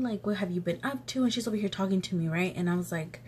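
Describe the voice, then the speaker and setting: Speaking fast, a young vlogger animatedly retells a story-time chat, voicing each person's quotes in her loose, chatty style. Allergies leave her nose stuffy, so she keeps breaking off to sniffle. Her pitch sits in the middle, over a faint hiss of room ambience.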